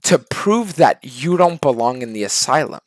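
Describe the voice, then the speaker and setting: A man's voice: medium pitch, lively intonation, normal speed, no echo, close to an everyday voice. A man doing a pushy, cheery school official. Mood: pushy cheerful.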